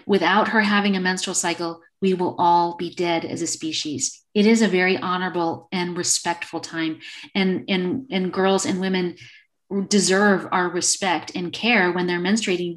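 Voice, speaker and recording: Animated middle-aged woman, candid and chatty. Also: fairly low pitch, moderate pace. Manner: animated, acts out little dialogues. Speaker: guest. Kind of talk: casual conversation.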